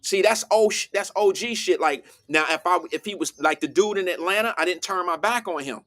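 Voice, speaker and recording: High-voiced man telling a heated story. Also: brisk. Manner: animated storytelling, acts out quotes. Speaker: host. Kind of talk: casual talk show discussion.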